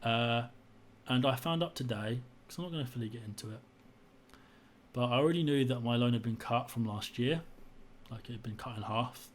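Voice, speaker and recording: This young man, a vlogger, tells a personal story to the camera at a fairly quick clip, indignant and frustrated, circling back to the same points again and again. His pitch is medium, and there's a faint hiss or hum behind him.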